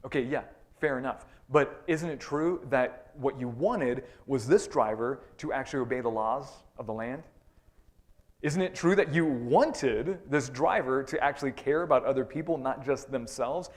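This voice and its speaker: A man's voice: medium pitch, normal speed. A man preaching a sermon as pastor, acting out the complaints of imagined listeners and answering them in a conversational way. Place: church sanctuary.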